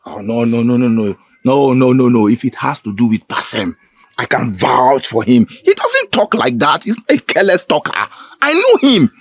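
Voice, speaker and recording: A man's voice: medium pitch, huge pitch swings, normal speed, no echo. An actor with a Nigerian English accent playing a defensive young man who pleads his innocence to friends in a film scene. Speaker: accused friend. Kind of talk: Nollywood film acting. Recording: film audio with background music.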